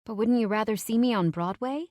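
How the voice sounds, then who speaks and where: A woman's voice: fairly high pitch, brisk, darkish tone, dry recording, studio quality, voice pushed up, lightly acted. A woman reading the part of a doting, theatrical middle-aged mother in an audiobook, fond and dramatic with her endearments. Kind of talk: audiobook dialogue.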